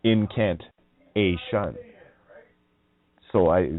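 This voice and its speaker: A man's voice: low-pitched, very slow. A man hosting a radio show, delivering a rambling, profane monologue in a mocking manner, chuckling between sing-song wordplay. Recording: tinny phone-like audio.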